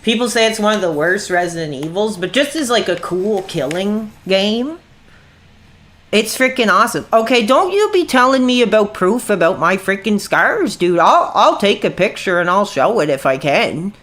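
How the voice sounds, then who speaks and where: A man in his thirties chatting on a gaming livestream, irritable and quick to anger, saying "dude" all the time. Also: sits high, big pitch swings, a bit bright. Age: 30s. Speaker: streamer. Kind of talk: casual gaming livestream chat.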